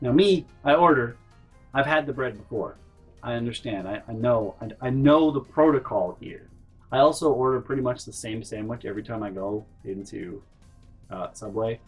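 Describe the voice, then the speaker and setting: A man vlogger telling a comedic story in an animated, exasperated way. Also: medium pitch, normal speed, breathy edge, rough recording. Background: faint background music.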